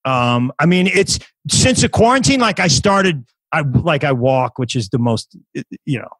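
A man's voice: fairly high pitch, lively intonation, measured pace, a bit bright, breathy edge, no room sound, poor audio. Rambling man in his fifties. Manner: rambling with many restarts and acted quotes. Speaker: podcast guest comedian. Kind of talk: casual storytelling chat.

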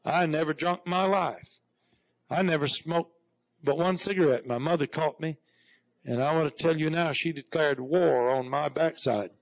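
A man's voice: fairly high pitch, moderate pace, gravelly. A middle-aged man preaching a sermon, telling stories and breaking into repeated praise. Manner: storytelling preacher, repeats "Praise God" with rising fervor. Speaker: pastor. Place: church sanctuary. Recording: dull lo-fi 1991 church recording.

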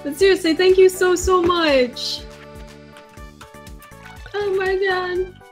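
An excitable woman chatting casually and exclaiming while playing a game on a live stream. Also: very high-pitched, slow, faint music behind. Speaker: co-player on a stream.

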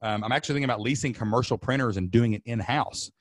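Thirties male webinar host, rapid-fire hype delivery, dry close mic. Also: mid-range voice, dry recording. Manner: fired-up, preachy, repeats slogans, loud whoops. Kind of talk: energetic sales webinar talk. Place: home studio under lights.

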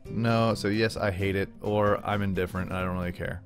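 A man's voice: on the low side, fairly quick, faint music behind. A man hosting a let's-play, chatting casually in slang, rambling and talking to himself as he plays. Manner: excitable, slangy, rambling, talks to himself while playing. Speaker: gaming channel host.

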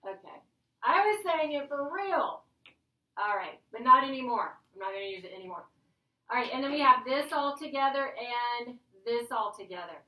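A woman's voice: sits high, expressive, normal speed, pushed and bright. A woman teacher giving a playful, chatty grammar lesson to her class. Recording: echoey classroom from a distance.

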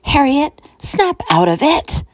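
A sensible, brisk little female hamster, played by a woman reading a storybook aloud who chatters reassurance at her sister. Her voice rises and falls with lively expression. The sound is close and dry. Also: high-pitched, no room sound, pitched above the performer's own voice, full character voice.

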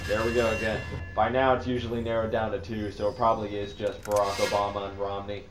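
Man, Northeastern Ohio accent, lowish voice, chatty gameplay commentary, roomy echo with game music and gunfire behind. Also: little pitch movement, fast talker. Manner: rambling, chatty, laughs often. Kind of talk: casual let's-play commentary.

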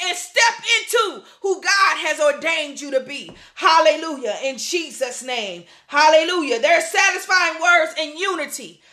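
High bright-voiced lady preaching, fired up, shouting hallelujah and goofing around. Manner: fervent, shouting and laughing, goofy asides. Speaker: pastor. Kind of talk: sermon.

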